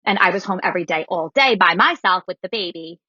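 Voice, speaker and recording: Bright-voiced woman telling her story. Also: on the low side, quick pace, slightly rough, no room sound, dull audio. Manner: animated, quotes people in her story. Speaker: guest storyteller. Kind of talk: casual podcast storytelling.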